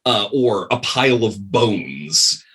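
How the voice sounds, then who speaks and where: A man tells a story as a podcast guest, rambling casually and leaning on fillers. His pitch moves around a great deal, and his voice sounds bright. It also has a noticeably husky edge. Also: slow pace. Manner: rambling, animated, many fillers. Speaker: podcast guest, game designer.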